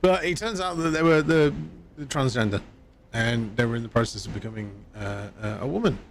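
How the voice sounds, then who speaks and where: A man's voice: medium pitch, brisk, slight background noise. A man streaming a video game live, chatting casually in a rambling way and laughing at himself. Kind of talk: casual live-stream chat while gaming.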